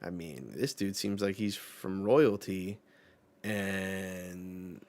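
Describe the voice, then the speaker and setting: Low-voiced guy slowly rambling through a manga reaction, chill and unhurried. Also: a little mellow. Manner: laid-back, rambling, many fillers. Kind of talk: casual live reaction commentary.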